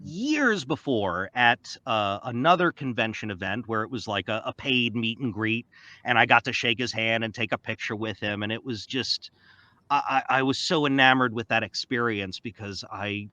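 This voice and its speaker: A man in his forties, a voice actor guest, telling stories in a casual interview with an excitable, animated manner. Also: mid-range voice, normal speed, no echo, dull audio. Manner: animated, excitable, often slips into playful character voices.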